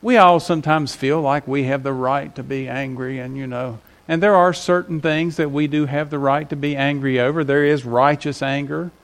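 A man's voice: a little high, fairly even intonation, moderate pace, few pauses. A man preaching a Sunday sermon to his congregation, conversational and rising in emphasis on key points. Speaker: pastor.

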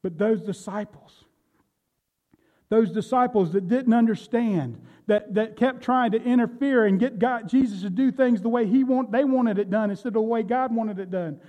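A man's voice: high voice, normal speed, mellow. A man preaching a sermon, retelling Bible stories and speaking directly to his congregation. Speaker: pastor.

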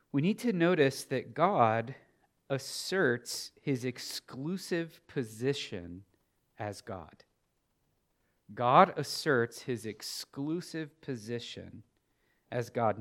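Middle-aged guy preaching, swings from soft story to loud emphatic, voice jumps around a lot. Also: medium pitch, expressive, takes it slowly, pauses often. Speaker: pastor. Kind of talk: sermon.

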